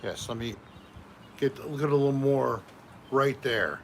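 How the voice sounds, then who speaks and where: Slow-talking man hosting a live stream. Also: medium pitch, a little hiss or hum. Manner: slow, chatty, reading out viewer names. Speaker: livestream host. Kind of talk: casual live chat greeting viewers. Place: home.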